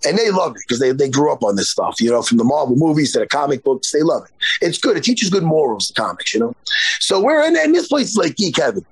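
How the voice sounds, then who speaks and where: A man's voice: a little high, very animated, quick pace, vocal fry, breathy edge, no echo. A man in his forties, a jiu-jitsu instructor, telling a story in casual podcast chat and swearing freely. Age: 40s.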